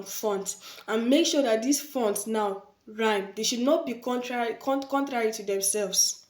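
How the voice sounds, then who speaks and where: A woman's voice: a little high, a little mellow. A woman teaching design basics in an informal spoken tutorial, often repeating her key points and affirming them with "yes". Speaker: design instructor. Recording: echoey room.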